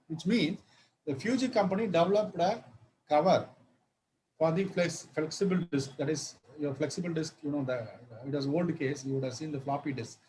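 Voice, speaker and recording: Halting male law lecturer. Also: on the high side, darkish tone, a little hiss or hum, low-quality recording. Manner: halting, many fillers and restarts, spells words out.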